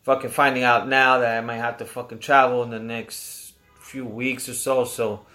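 A man's voice: medium pitch, little pitch movement, normal speed, pushed and bright. Young male co-host, from Puerto Rico, laid-back, swears a lot, laughs easily. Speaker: podcast co-host. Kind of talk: casual chat.

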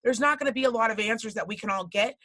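A woman's voice: on the high side, racing, a bit bright, dry recording. A woman co-hosting a podcast, talking bluntly and emphatically, with a lot of swearing. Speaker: podcast co-host. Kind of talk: casual podcast chat.

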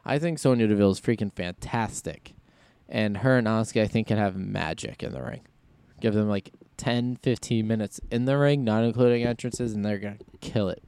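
A man's voice: on the low side, a little fast, a little mellow, clean tone, dry recording. A man hosting a solo podcast in casual chat, rambling and thinking aloud as he goes. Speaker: podcast host.

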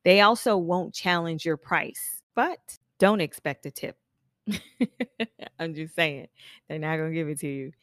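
Chatty woman with a lowish voice. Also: measured pace, no echo, clean studio sound. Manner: chatty, laughs often, acts out clients' lines. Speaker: business coach for hairstylists. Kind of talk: casual solo podcast talk.

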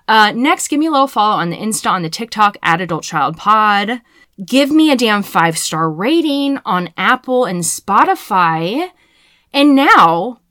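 A woman's voice: medium pitch, a bit bright, dry recording, studio quality. A woman hosting her own podcast, casual and playful, with frequent swearing. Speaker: podcast host. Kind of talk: solo podcast intro.

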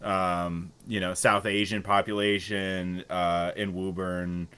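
A man's voice: low voice, flat delivery, slow, sharp tone, smooth. A man co-hosting a sports fan podcast in casual chat. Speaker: podcast co-host.

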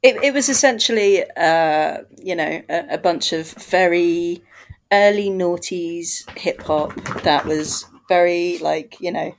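A woman co-hosting a podcast in relaxed casual chat. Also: on the low side, takes it slowly, vocal fry. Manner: laughs often, relaxed. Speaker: podcast co-host.

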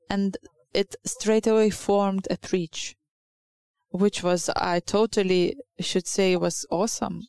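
Female preacher, English. Unhurried delivery, some fry, earnest and halting sermon. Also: mid-range voice, a little mellow, no room sound. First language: Lithuanian.

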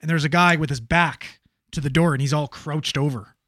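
Profane, fast-telling man with a dry sound. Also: a little high, no room sound. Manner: animated, profane, filler-heavy storytelling. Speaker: emergency medical worker. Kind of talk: casual storytelling chat.

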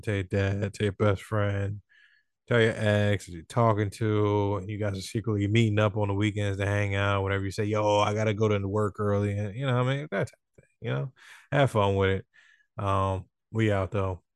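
A man hosting a podcast, talking in an animated, slangy, casual way. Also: lowish voice, moderate pace, clear, resonant tone, no echo, studio quality. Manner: animated, slangy, swings into exaggerated voices. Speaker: podcast host. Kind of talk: casual chat.

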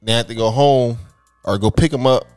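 A man's voice: medium pitch, brisk, a little mellow, clear, resonant tone, no room sound. A man chatting casually as a parent, loose and slangy in his phrasing. The sound is dry and close-miked, with faint music underneath. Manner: conversational, drops into easy slang. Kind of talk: casual chat.

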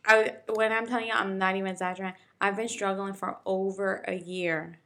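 A woman's voice: medium pitch, little pitch movement, fairly quick, bright, forceful tone. A young woman co-hosting a podcast, chatting casually with a blunt, teasing manner. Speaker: podcast co-host. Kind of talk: casual chat.

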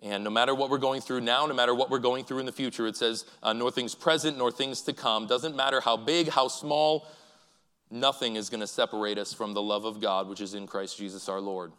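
A man's voice: medium pitch, steady tone, a bit bright, smooth. Earnest preacher man in a reverberant church. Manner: earnest, halting, with repeated restarts. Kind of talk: sermon. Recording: church hall with long reverb.

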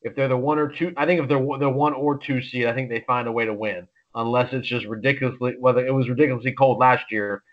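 A man co-hosting a sports podcast, chatting casually about picks in an excitable, rambling way with lots of restarts. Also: mid-range voice, fast talker, hardly any pauses, highs cut off. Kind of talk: casual sports betting chat.

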